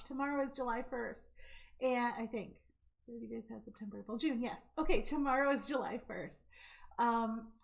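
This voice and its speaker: On a home livestream, this craft host chats into her camera's mic in a slightly high voice, laughing readily. Excitement makes her hyper and quick, but she eases off to show a knitting stitch.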